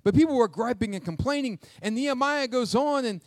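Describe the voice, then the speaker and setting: A man, a pastor preaching a sermon to his church with lively call-and-response questions. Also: no echo. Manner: jokes aside in a quiet, quick low voice. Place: church sanctuary with congregation.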